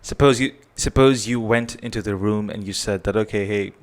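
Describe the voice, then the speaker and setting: Here a man with a fairly low voice talks at a normal speed, handing out sincere parenting advice straight to camera. His delivery is repetitive, punctuated again and again by "right?"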